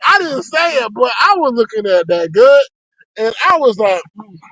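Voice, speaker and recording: A man giving sassy, animated live-stream commentary to his chat. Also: moderate pace, no echo, poor audio. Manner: sassy and animated, with sharp pitch swings.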